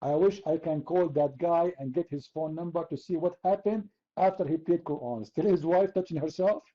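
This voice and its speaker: A man's voice: on the high side, normal speed, lo-fi sound. A man from the Middle East, hosting an online chat room debate in a sarcastic, mocking, argumentative way. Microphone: computer mic.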